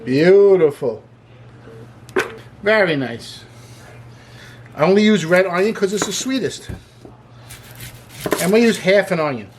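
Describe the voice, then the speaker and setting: Guy with a pretty high voice doing a laid-back cooking demo, chatty, excited, cracks jokes, faint background hum. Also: a little slow, long pauses. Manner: chatty and enthusiastic, with joking asides. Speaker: cooking show host. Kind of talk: casual cooking demonstration.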